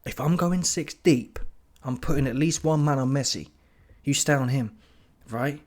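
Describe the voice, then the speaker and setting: A man's voice: medium pitch, moderate pace. A man, hosting a casual football reaction and ranting in a mocking, slangy way. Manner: animated, mocking, slangy with laughing outbursts.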